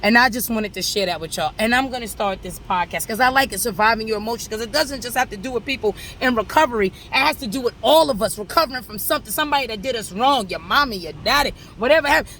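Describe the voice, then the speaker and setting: A woman's voice: on the high side, a bit bright, slight background noise. A woman in recovery, talking casually and animatedly to her followers from a city street, rambling and addressing viewers directly. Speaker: vlogger in addiction recovery. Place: outdoors on a city street with traffic.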